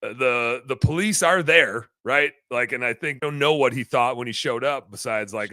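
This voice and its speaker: A man hosting a podcast, telling a long story in a rambling, animated way, full of fillers. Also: medium pitch, moderate pace, hardly any pauses, no room sound. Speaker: podcast host, business owner.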